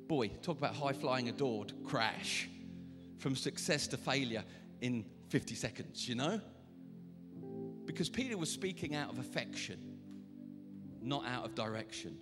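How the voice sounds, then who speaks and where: A man preaching a lively sermon as pastor, acting out the voices he quotes. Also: medium pitch, unhurried, pauses often, over music. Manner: animated, acts out quoted voices. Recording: reverberant church hall.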